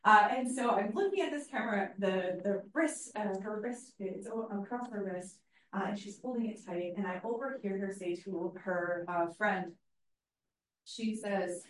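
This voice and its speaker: A woman's voice: medium pitch, normal speed, a little hiss or hum. A woman teacher giving an earnest, story-driven public speech, with frequent fillers. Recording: echoey hall from far off.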